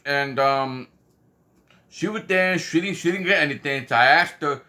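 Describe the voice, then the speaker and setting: Rambling man retelling a story, bright tense voice, keeps saying "you know what I mean". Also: fairly high pitch, moderate pace. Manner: acts out quoted voices. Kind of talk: casual spoken anecdote.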